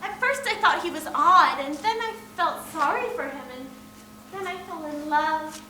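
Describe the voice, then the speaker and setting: A young actress in her twenties playing a passionate middle sister who confides in a fervent, rushing way, in a live stage play. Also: high-pitched, expressive, noisy background. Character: middle sister, passionate, confessing forbidden love. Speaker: stage actor. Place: theatre stage. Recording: echoey stage sound from far off.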